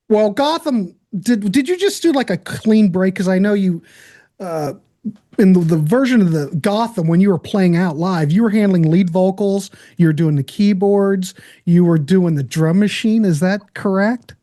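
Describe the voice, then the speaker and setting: Chatty rock fan host guy, long rambling questions, warm voice. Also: sits high, a little slow. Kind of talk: casual interview chat.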